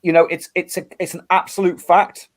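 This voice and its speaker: A middle-aged English rock musician talking earnestly in a casual interview, often restarting and repeating words. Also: male voice, high voice, little pitch movement, a little fast. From England.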